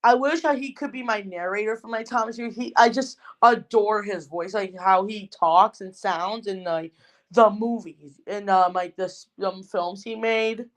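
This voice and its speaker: Woman co-host, casual fan chat, rambling and excitable, mid-pitched everyday voice. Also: moderate pace. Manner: excitable, rambling with many fillers. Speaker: podcast co-host.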